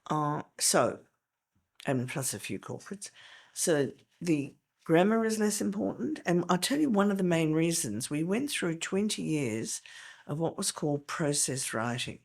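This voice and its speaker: A woman's voice: low-pitched, very animated, a little slow, vocal fry. An older woman, a veteran teacher explaining in a podcast interview, emphatic and step by step.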